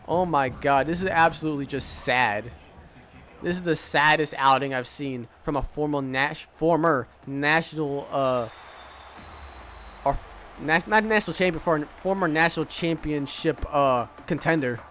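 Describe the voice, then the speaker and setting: A man's voice: fairly high pitch, normal speed, a bit bright, a little hiss or hum. A man streaming a football video game, giving casual play-by-play commentary full of trash talk and swearing. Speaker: gaming streamer.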